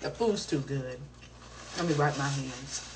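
Young woman, live-stream host. Casual, animated storytelling with slang and swearing, a little off-mic with faint noise behind her. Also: very deep voice, unhurried. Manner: animated, slangy and profane, with exclamations. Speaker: live-stream host answering viewer questions. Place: home, streaming live while eating. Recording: voice a bit distant from the mic, faint background noise.

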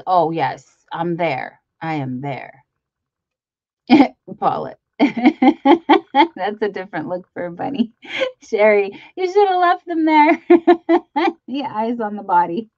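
Slow-talking woman hosting a live stream. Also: a little high, dry recording, highs cut off. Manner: chatty, reads viewer comments aloud and greets them by name. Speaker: host of a live crafting stream. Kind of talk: casual live-stream chat.

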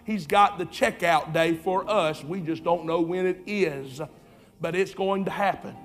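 A pastor preaching a sermon in a church, fervent and repetitive, swinging from loud urging to quiet asides. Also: male voice, sits high, measured pace, faint music behind. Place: church sanctuary.

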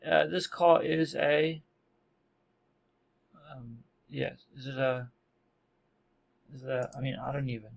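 A man records a laid-back software tutorial at his desk microphone. His voice has a gravelly, creaky edge, and he talks in a loose, self-deprecating way full of fillers and false starts. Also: mid-range voice, takes it slowly, long pauses. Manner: relaxed, self-deprecating, many fillers and restarts. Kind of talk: casual screen-recorded tutorial.

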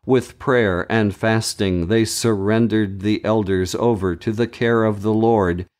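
A man hosting a daily Bible reading podcast, reading scripture aloud in a measured, deliberate way with brief commentary. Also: lowish voice, steady tone, darkish tone.

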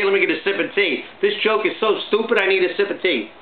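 A middle-aged man hosting his own vlog, talking in a chatty, upbeat, jokey way full of shout-outs. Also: high-pitched, fast talker. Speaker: vlog host. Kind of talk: casual home vlog monologue. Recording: echoey, tinny phone-like sound, faint hiss.

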